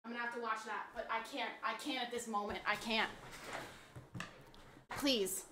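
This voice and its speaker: A woman streamer in casual live-stream chat, pleading dramatically with her viewers and swinging from soft begging to loud shouting. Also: on the high side, fairly even intonation, normal speed, background noise.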